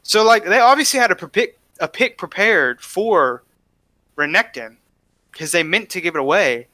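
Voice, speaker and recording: A man's voice: sits high, animated, moderate pace, bright, forceful tone, no room sound. A man co-hosting a casual esports podcast, breaking down matches in an opinionated, emphatic way and driving his points home by repeating them. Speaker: podcast co-host. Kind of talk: casual esports analysis chat.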